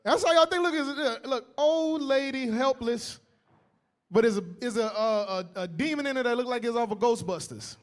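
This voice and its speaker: A man teaching the Bible in a casual, joking, animated way, often acting out voices. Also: very high voice, moderate pace. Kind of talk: street-style Bible teaching.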